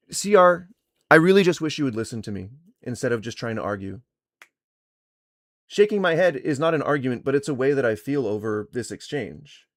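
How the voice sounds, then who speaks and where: A man streaming live, arguing heatedly with chat, swearing and lecturing, his voice going hoarse from shouting. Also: fairly high pitch, dry recording, studio quality. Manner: angry, profane, lecturing. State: losing his voice. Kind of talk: heated livestream argument.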